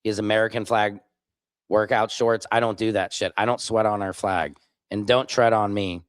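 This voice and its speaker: Reading through viewer comments on his live stream, a man from Missouri responds with blunt sarcasm and loud reactions to clips. He has a lowish voice with a steady tone at a moderate pace, and there's no room sound.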